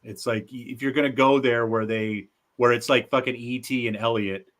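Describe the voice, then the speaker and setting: A man's voice: medium pitch, moderate pace. A man co-hosting a podcast in casual chat, joking and defending his take on the episode. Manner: animated, jokey, defends his view. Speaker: podcast co-host.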